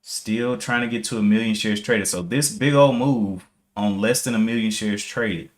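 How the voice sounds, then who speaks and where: A man's voice: on the low side, normal speed. A man streaming live day trading, casually thinking aloud, reading out viewer comments and correcting himself as he checks charts.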